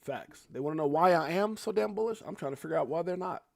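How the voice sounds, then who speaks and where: A middle-aged man hosting a crypto livestream, excitable and hyped, jumping between loud outbursts and muttered asides. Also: on the high side, fast talker, creaky, no room sound, studio quality. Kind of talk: animated casual livestream commentary.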